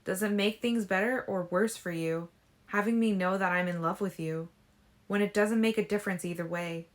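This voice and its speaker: A woman's voice: mid-range voice, normal speed, natural voice. A woman reading a guilty, anxious teenage girl in a fan audiobook, voice raised and pleading. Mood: earnest.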